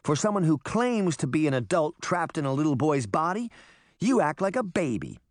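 A man voicing a sharp, bossy young girl who scolds and taunts. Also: mid-range voice, big pitch swings, moderate pace, no room sound, clean studio sound, pitched above the performer's own voice, lightly acted. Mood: scornful. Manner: impatient, scolding.

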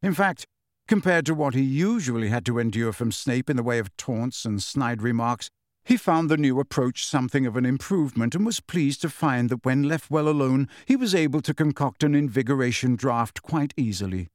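A man narrates a novel as a scripted audiobook, at a mid pitch and an even, measured pace. The recording is dry, with no room sound. He sounds like a storyteller reading steadily. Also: no echo.

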